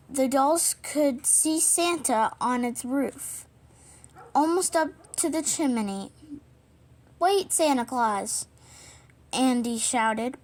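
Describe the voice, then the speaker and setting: A woman reading a children's storybook aloud, stumbling over words and apologizing often, with the hiccups. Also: sits high. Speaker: reader.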